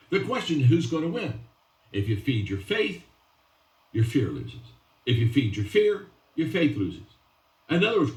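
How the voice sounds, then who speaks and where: A man's voice: fairly high pitch, darkish tone. A man giving a motivational talk with stories, stressing and repeating key phrases and restarting his sentences often. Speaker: motivational speaker. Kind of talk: motivational speech with storytelling. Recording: roomy and distant from the mic.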